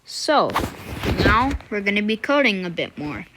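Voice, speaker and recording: Slow-talking casual woman tutorial maker. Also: mid-range voice, sing-song, noisy background. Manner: unhurried, thinking aloud with fillers and self-corrections; mutters quiet asides to herself. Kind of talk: casual screen-recorded coding tutorial.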